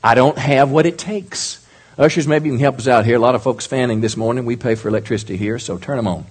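A middle-aged male pastor preaching a sermon in a lively way, often asking the congregation questions. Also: medium pitch, very fast, slightly rough.

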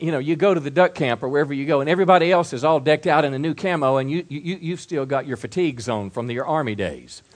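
A middle-aged man preaching a sermon, stumbling and repeating words, swinging from soft asides to loud build-ups. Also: fairly high pitch. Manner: repeats words and restarts, acts out quoted voices. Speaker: pastor.

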